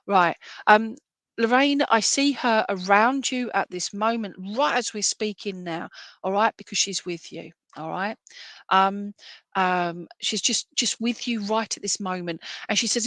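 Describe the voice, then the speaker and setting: A woman's voice: mid-range voice, moderate pace, a bit bright, dry recording. A woman giving a clairvoyant reading at an online church service. She rambles in a chatty way, makes self-deprecating asides and keeps checking in with "all right?". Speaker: medium.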